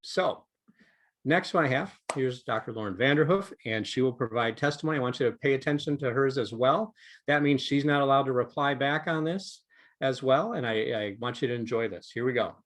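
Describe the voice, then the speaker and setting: A man's voice: medium pitch, brisk, a bit bright. Guy running an online training, rambly and casual, lots of um and you know. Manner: conversational, many fillers and asides. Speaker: presenter coaching delegates on testimony.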